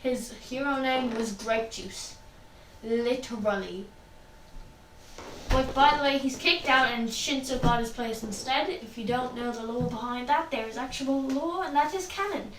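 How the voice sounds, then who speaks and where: A woman's voice: a little high, unhurried, fairly bright tone. A woman casually narrating a fan story role-play, chatty and rambling. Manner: rambling, chatty, laughs often. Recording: echoey room, distant mic, faint noise.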